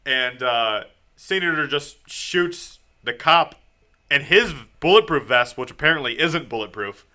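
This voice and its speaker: A man co-hosting a podcast, casually recapping a comic book, acting out characters' lines with laughter. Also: mid-range voice. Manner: animated retelling with quick acted-out quotes and laughs. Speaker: podcast co-host.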